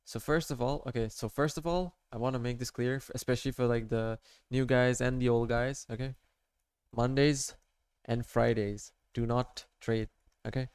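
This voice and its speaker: A man walks viewers through his trading charts in a casual, meandering way, constantly checking in with "right?" and "okay?". His voice is smooth and clear. The sound is dry and close, with no room echo. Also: medium pitch, fairly even intonation, brisk, darkish tone. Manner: rambling, full of "like" and "right?", talking to viewers. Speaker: amateur trader showing his charts. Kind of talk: casual screen-share tutorial.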